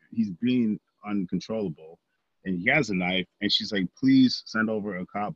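Husky deep-voiced man, earnest podcast talk. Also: a bit bright, no echo, lo-fi sound. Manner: earnest, many fillers and restarts. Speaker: podcast co-host. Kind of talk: casual podcast discussion.

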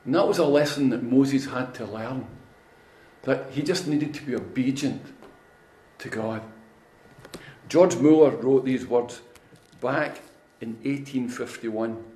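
A man's voice: medium pitch, takes it slowly, long pauses, warm tone. Man preaching a folksy sermon. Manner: folksy storytelling with humorous anecdotes. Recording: echoey room.

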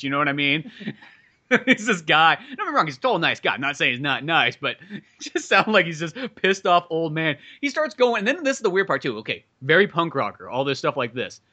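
Bright-voiced man, loose laughing podcast chat. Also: fairly high pitch. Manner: loose, laughing, swearing, filler-heavy. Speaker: podcast co-host or guest. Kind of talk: casual chat.

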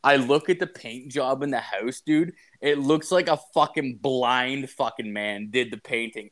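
A man's voice: mid-range voice, measured pace, a bit bright. Guy, casual storyteller, rambling, swears a lot, exasperated.

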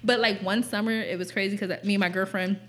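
Young woman podcast host spilling a story, swears a lot, laughs through it, mid-pitched voice. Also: fairly even intonation, quick pace, slight background noise. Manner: blunt, profane and laughing as she tells it. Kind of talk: casual storytelling chat.

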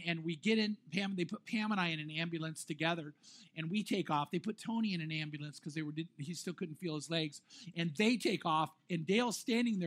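A middle-aged male pastor tells a personal story from the pulpit. His voice sits high, and he talks in a lively, animated way, stumbling over restarts and breaking into self-deprecating laughs. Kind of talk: sermon storytelling.

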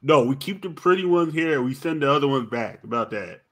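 Bright, lively man telling crude stories. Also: medium pitch, brisk. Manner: crude joking storyteller. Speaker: podcast host. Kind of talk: casual streamed chat.

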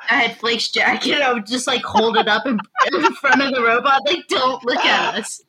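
A woman chatting as a guest on a podcast, telling an animated story with frequent laughter. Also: fairly high pitch, moderate pace, a loud crowd, low-quality recording. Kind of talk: casual chat. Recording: loud background noise.

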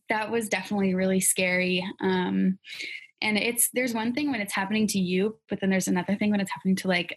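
A woman co-hosting a podcast in casual chat, talking in a chatty way with many fillers. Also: medium pitch. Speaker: podcast co-host.

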